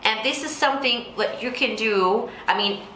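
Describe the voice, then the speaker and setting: A woman vocal coach with a low contralto voice, explaining technique and breaking into sung examples. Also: normal speed, bright, forceful tone, slight background noise. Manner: explains then sings example lines. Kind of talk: singing tutorial with sung demonstrations. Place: Singapore. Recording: echoey room with faint music.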